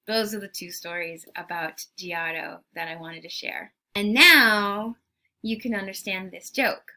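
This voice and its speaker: Bright, chatty woman teacher telling stories. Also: medium pitch, measured pace. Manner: chatty, animated, acting out quotes with lots of "like". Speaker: art history teacher. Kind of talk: casual classroom storytelling.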